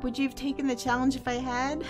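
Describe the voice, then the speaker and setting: A woman's voice: sits high, flat delivery, quick pace, close to an everyday voice. A woman voicing a fiery teenage girl who accuses her father in exasperated outbursts. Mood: pleading. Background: game soundtrack music.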